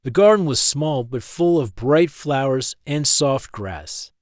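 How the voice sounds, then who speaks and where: Calm male storyteller, dry sound. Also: medium pitch, dry recording. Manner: calm, steady, plain sentences. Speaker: narrator. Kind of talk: scripted story narration.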